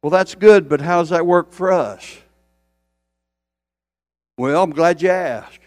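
A man's voice: fairly high pitch, slow, a little mellow, no room sound, studio quality, soft background music. An older man preaching a sermon, repeating phrases for emphasis and building intensity as he speaks. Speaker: pastor.

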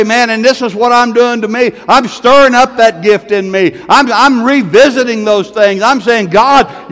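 A man preaches with fervor, his voice sitting high and pushing into shouted peaks. A long reverb trails each phrase through the church hall. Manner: fervent, rising to shouted peaks, folksy repeats of "man". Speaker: pastor. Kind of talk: sermon.

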